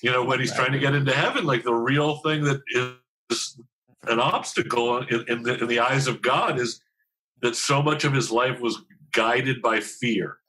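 A man's voice: medium pitch, moderate pace, bright, forceful tone, a little hiss or hum, rough recording. A man in his fifties, a TV writer talking candidly as a podcast guest, self-deprecating and rambling with many restarts. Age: 50s. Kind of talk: candid conversational interview.

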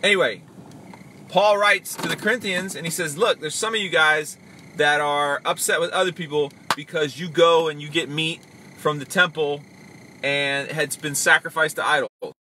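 Guy doing a chill faith podcast, kinda high voice, lively, jumps into little voices. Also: moderate pace, a little hiss or hum. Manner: animated, acts out voices, reads comments aloud. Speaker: podcast host. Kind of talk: casual faith talk.

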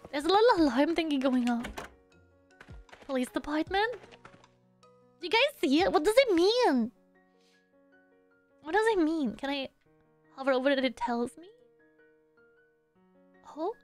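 A young woman streaming a game, chatting playfully with her viewers and humming little tunes between lines. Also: sits high. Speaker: VTuber streamer. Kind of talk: casual gameplay commentary.

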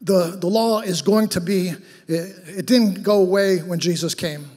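A man's voice: sits high, unhurried, a little mellow, slightly rough. A male pastor preaching a sermon in a church, talking like he is telling a story and then pressing his point with fervor. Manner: conversational storytelling that rises to fervent exhortation. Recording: long hall reverb.

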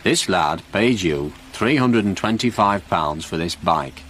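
A man voicing a calm, firm police sergeant who questions everyone. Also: sits low, a little slow, a little hiss or hum.

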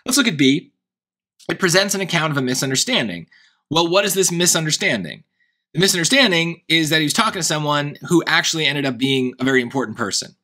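Bright-voiced man with a Long Island accent. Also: on the high side. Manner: hesitant, self-questioning, many restarts. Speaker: SAT tutor. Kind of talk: thinking-aloud test prep lesson.

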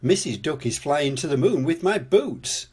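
Man doing a bossy little piglet girl, breathy and whiny, high pitch. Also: expressive, moderate pace, darkish tone. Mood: upset. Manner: boastful, whiny childlike pitch. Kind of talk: storybook read-aloud.

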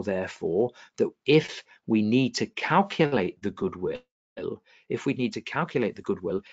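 The recording, missing its high end, captures a man with a fairly low pitch. He's an exam tutor giving an online revision webinar, energetic and repeatedly asking students whether they understand.

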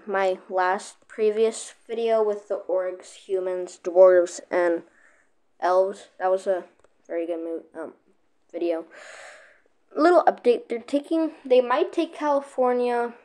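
A woman giving casual, excitable gameplay commentary, often breaking off mid-sentence to react. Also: mid-range voice. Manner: excitable, keeps cutting herself off with "wait". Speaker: gaming video creator.

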